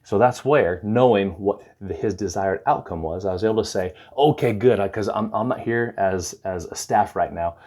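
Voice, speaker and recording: Man, lowish voice, animated storyteller, acts out both sides of a talk. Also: normal speed, hardly any pauses. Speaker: recovery counselor. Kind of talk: talking to camera, storytelling advice.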